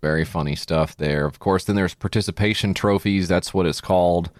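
A man's voice: low-pitched, fairly quick. A man co-hosting a comedy podcast, reading game cards aloud with crude, sarcastic commentary. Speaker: podcast co-host.

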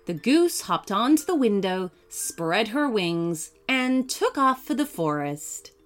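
Woman storyteller, bedtime story narration, bright and sing-song, soft music behind. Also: mid-range voice, slow pace. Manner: gentle, animated voices for each character.

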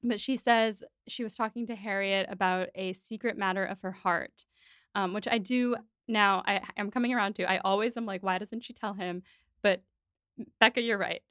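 Woman podcast host, clear resonant voice, dry close mic; casual animated recap. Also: mid-range voice, moderate pace, no echo. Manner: animated, quotes characters' lines in recap. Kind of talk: casual chat.

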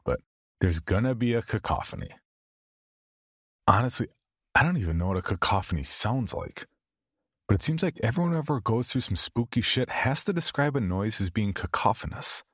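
A man with a very low voice reads a first-person horror story aloud. His delivery is wry, sardonic and offhand, like casual chat. The recording is close and dry. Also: no room sound. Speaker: narrator.

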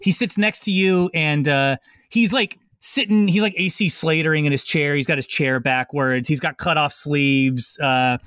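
A man runs a comedy tabletop game as game master, with a voice that sits on the high side. He rambles loosely and stumbles through fillers and restarts. The recording is dry and close. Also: normal speed, fairly bright tone, no echo.

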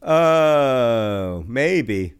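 A man's voice: mid-range voice, animated, drawn-out words, clear, resonant tone. A man co-hosting a podcast, chatting casually with wry, dry humor and a lot of "like" fillers. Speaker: podcast co-host. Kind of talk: casual chat.

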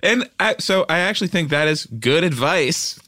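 A man's voice: fairly high pitch, lively intonation, moderate pace, bright, forceful tone, no echo, studio quality. A man co-hosting a comedy podcast, speaking with mock-sincere earnestness. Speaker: podcast co-host. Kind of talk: improvised comedy podcast banter.

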